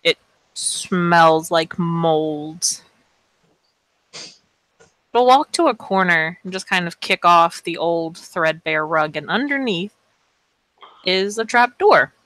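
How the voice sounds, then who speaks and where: A woman narrating as game master of a tabletop game, slowly and deliberately describing the scene. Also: on the low side, animated, a bit bright, no room sound, rough recording.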